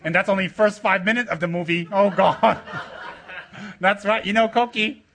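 Speaking at a moderate pace in a bright, fairly high voice, this male spiritual teacher rambles and teases his students. He's jokey and playfully rude, laughs a lot, gets loudly excited at times, and keeps prodding the group with questions.

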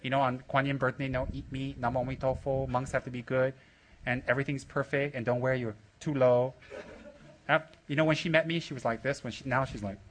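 A man's voice: mid-range voice, fairly quick, slight background noise. A man teaching a group of students, joking and rudely teasing them, coaxing them with questions and laughing often. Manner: joking and playfully rude, laughing often, bursts of loud excitement; coaxing, asks the room questions. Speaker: spiritual teacher addressing his students. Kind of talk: teasing, rambling talk to a group.

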